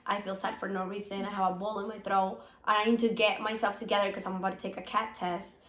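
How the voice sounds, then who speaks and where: A woman co-hosting a podcast in casual chat, still sick with a hoarse voice, rambling with many fillers. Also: medium pitch, level tone, fast talker, a bit bright, roomy sound. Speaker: podcast co-host.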